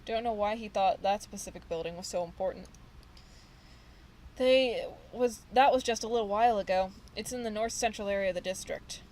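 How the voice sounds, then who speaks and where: A woman's voice: mid-range voice, brisk, a little mellow, natural voice, poor audio. A woman reading the lines of a frightened young male ex-gang member who rambles nervously in street slang, in her own everyday voice. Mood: scared. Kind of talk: reading game dialogue aloud.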